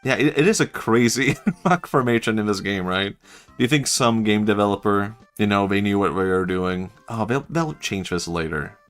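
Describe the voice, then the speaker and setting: Low-voiced man rambling on a gaming stream. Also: moderate pace, a bit bright, faint music behind. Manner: rambling, laughs often, jokey voices. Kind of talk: casual gaming stream chat.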